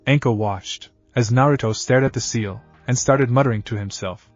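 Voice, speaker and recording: Guy reading a story in an even voice, kinda muffled, soft music underneath. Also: mid-range voice, normal speed. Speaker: narrator. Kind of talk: scripted fan-fiction narration.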